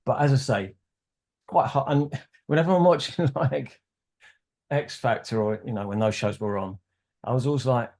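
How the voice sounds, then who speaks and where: A man's voice: medium pitch, normal speed, pauses often, a little mellow. A man as a podcast guest, casually telling a rambling story and acting out quoted dialogue.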